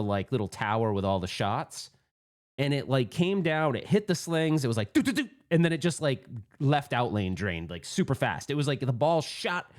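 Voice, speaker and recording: A man telling a rambling, excitable story about a pinball tournament, restarting often and working himself up. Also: medium pitch. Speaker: pinball vlogger. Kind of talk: casual storytelling monologue.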